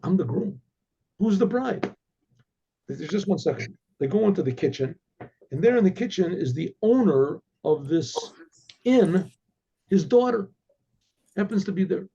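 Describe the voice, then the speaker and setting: A man's voice: sits high, expressive, normal speed, pauses often, mellow, husky. A male rabbi telling a story in a conversational way, often repeating words as he goes. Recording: dull lo-fi recording.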